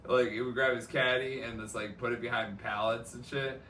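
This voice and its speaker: A man's voice: mid-range voice, steady tone, brisk, bright, forceful tone, roomy sound, recorded from a distance. A man co-hosting a casual podcast, telling rowdy work stories with lots of laughing and swearing. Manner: laughing, swearing, acts out quotes. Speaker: podcast co-host. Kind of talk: casual storytelling chat.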